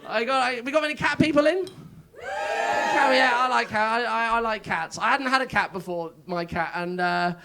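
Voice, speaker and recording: A man's voice: very high-pitched, normal speed, pushed and bright, a little hiss or hum. A stand-up comedian, a man, telling rambling, self-mocking stories on a club stage. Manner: rambling, self-mocking storytelling with frequent laughs. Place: comedy club stage before a live audience. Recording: live room with crowd laughter. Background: audience laughter.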